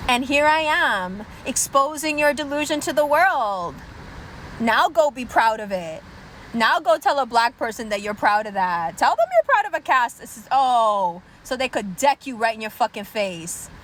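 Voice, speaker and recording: A woman's voice: on the high side, animated, measured pace, fairly bright tone, slight background noise, low-quality recording. A woman from Pakistan ranting heatedly on her vlog, taunting and mocking listeners and swearing constantly. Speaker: vlogger. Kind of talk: heated profane rant.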